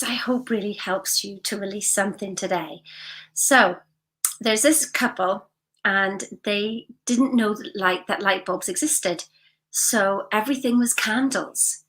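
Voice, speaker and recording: A woman's voice: medium pitch, fairly bright tone. Effusive woman vlogging outdoors. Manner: effusive, enthusiastic, storytelling. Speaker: life coach. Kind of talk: motivational vlog. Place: outdoors in the morning.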